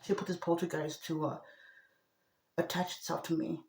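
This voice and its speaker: A woman talking to the camera in a rambling personal monologue, agitated, going from a low murmur to loud outbursts. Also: little pitch movement, normal speed, reverberant.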